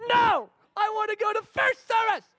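A man's voice: moderate pace, sharp tone, no echo, shouting, heavily acted. A man voicing his stubborn nine-year-old daughter, whiny and insistent. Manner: whiny, pleading, higher pitched.

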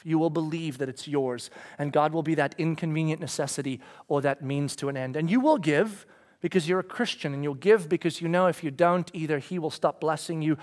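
Animated high-voiced male preacher. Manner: animated storytelling, acting out his own panicked inner voice with sudden shouts; drops to a low, hushed intensity on solemn points. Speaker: pastor. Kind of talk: sermon.

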